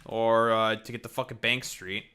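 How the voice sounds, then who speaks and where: Man, Canadian accent, young adult, bright tense voice, profane mocking stream rant. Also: fairly low pitch, flat delivery, normal speed, clear, resonant tone. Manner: profane, mocking, with a playfully exaggerated Canadian "eh" and "bud". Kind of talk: casual live-stream rant.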